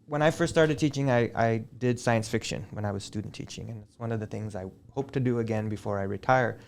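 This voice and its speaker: A middle-aged man with a gravelly, creaky voice talks as a guest on a school podcast. He is a chatty teacher who wanders from one story to the next. Faint background noise sits under his voice. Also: lowish voice, fairly quick. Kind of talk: casual interview chat.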